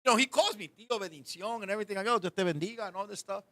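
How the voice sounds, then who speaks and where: His high voice racing along, a man hosting a podcast talk show spins a funny, profanity-laced story in casual conversation. He's animated throughout, acting out each person in it.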